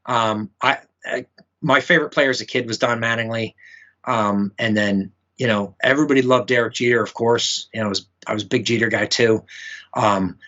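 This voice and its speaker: A man's voice: mid-range voice, fairly even intonation, moderate pace, pushed and bright, muffled recording. A man, a musician guest, chatting casually in an interview, rambling with many fillers and restarts. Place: home room with memorabilia.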